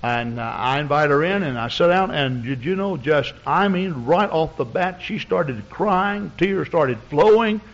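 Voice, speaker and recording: A man's voice: a little high, animated, measured pace, hardly any pauses. A man preaching as a pastor, telling a story in a folksy, rambling way with many fillers. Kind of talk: storytelling sermon. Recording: dull lo-fi recording.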